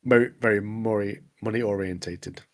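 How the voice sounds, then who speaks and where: In a fairly low, steady voice at a moderate pace, a podcast co-host chats casually. He's enthusiastic and slangy, repeatedly dropping "mate."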